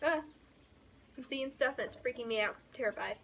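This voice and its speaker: A woman's voice: on the high side, very fast, a little hiss or hum. A young woman chatting casually on her porch as a book vlogger, telling dramatic, giggly stories. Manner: animated storyteller, giggly and dramatic. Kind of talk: casual rambling chat. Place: outdoor porch.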